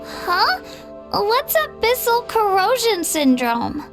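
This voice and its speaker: An actress voicing a gentle, brave young girl in a video game, talking sincerely and softly, recorded in a studio. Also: very high voice, sing-song, takes it slowly, over music, heavily acted. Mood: earnest. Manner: sincere, soft-spoken, heartfelt.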